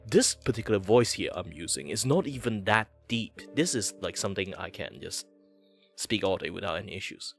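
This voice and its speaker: A man's voice: deep voice, lively intonation, a little fast, vocal fry, soft background music. A man hosting a casual streamed chat, rambling with many fillers and restarts. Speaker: podcast host.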